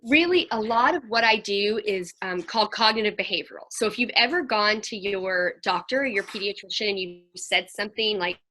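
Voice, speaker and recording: A woman counselor talking to a group over a video call, telling lively stories and acting out what children said. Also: medium pitch, fairly quick, hardly any pauses. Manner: animated storyteller, acts out children's voices.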